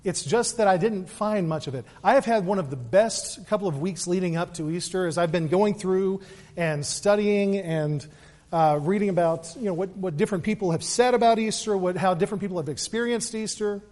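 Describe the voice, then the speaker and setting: A man giving an earnest Easter sermon as pastor, repeating words and moving between quick asides and slow, weighty emphasis. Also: high voice, darkish tone. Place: church sanctuary. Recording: long reverb of a large hall.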